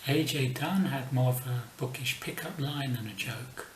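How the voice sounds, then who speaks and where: A man in a casual vlog reads book jokes aloud at an ordinary middle pitch, letting the punchlines fall soft and sometimes whispered. He sits well back from the mic in a reverberant room, with a faint hiss of noise underneath. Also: moderate pace, recorded from a distance. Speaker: book vlogger. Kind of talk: casual joke telling to camera.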